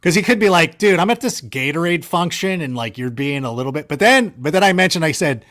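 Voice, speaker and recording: A man being interviewed, casually rambling through stories in an animated, self-correcting way with a sarcastic streak. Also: fairly high pitch, fairly quick. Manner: sarcastic banter. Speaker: guest. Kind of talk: casual storytelling.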